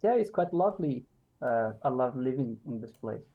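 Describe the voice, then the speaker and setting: A man answers exam questions hesitantly, with plenty of filler sounds. His voice has a gravelly, creaky edge. The sound is dull and lo-fi, as if from a video call. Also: mid-range voice, expressive, moderate pace. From Iran. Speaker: test candidate.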